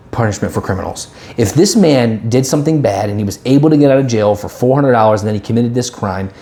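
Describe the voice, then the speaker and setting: A man co-hosting a casual podcast, telling stories and acting out what people said. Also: medium pitch. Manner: animated storyteller, acts out quotes. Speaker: podcast co-host. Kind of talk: casual chat, storytelling. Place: indoor podcast room.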